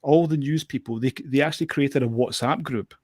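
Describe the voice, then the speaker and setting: A man's voice: medium pitch, brisk, darkish tone, no echo. A man, a guest drone show operator, telling stories in casual chat, often repeating his words and laughing as he talks.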